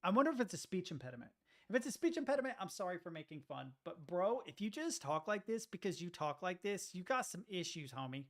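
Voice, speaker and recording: A man's voice: high voice, fast talker. A man streaming, chatting casually and reacting to videos, rambling and swearing as he goes. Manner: profane, rambling, animated.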